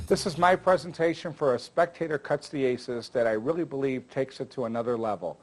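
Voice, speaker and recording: A man's voice: mid-range voice, brisk, hardly any pauses, soft background music. Chatty older man teaching magic. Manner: chatty, jokey, with filler words. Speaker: magic instructor. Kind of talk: casual instructional talk.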